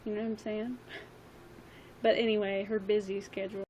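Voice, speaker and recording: A woman's voice: mid-range voice, flat delivery, normal speed, a little mellow, highs cut off, a little hiss or hum. A young woman chatting casually on a livestream, rambling with lots of ums and likes, her voice a little worn. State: slightly losing her voice.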